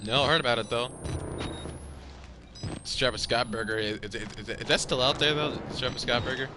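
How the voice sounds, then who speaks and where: A man hosting a podcast, telling a story in casual, animated talk, swearing a lot and repeating himself. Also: mid-range voice, moderate pace, background noise. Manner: animated, profane storytelling with frequent repetitions. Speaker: podcast host. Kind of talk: casual chat.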